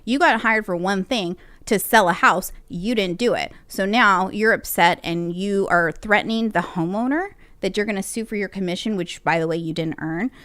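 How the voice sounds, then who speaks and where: A woman real estate broker talks straight into a close mic in a dry, dead-sounding room. Her voice sits at a middle pitch. She tells a client story casually and animatedly, with restarts and acted-out quotes. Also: moderate pace, hardly any pauses, dry recording. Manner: animated, acts out quoted people, frequent restarts.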